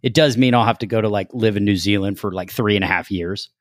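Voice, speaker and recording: A man, a working actor, telling a story in casual chat, animated and swearing freely. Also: lowish voice, fast talker, no echo, studio quality.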